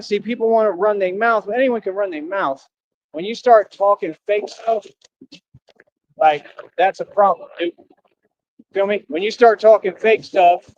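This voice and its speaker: High-voiced man ranting on a stream. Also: no echo, highs cut off. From Austin, Texas. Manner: confrontational, repetitive, streetwise slang. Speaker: livestreamer. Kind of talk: ranting livestream monologue.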